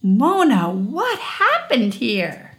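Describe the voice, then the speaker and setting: A woman's voice: a little high, wildly swooping pitch, very slow, faint music behind, pitched above the performer's own voice, exaggerated voice. A woman reading a stern but patient mother in a storybook, firm and commanding. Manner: firm, commanding, loud calls.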